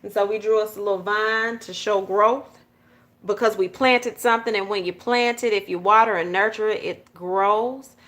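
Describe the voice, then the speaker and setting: A journaling channel host from Georgia, a woman with a Southern accent, chats casually with her viewers through a journal-with-me tutorial, frequently using "y'all" and "okay?". Her mid-range voice holds a steady tone at a moderate pace and sounds fairly bright.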